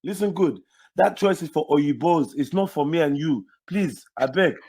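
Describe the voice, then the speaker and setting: A man from Nigeria with a notably high voice, arguing on a livestream. He repeats himself and keeps cutting in with "listen.". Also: normal speed, husky. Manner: forceful, repeats words, cuts in with "listen". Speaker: livestream host. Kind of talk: heated livestream argument.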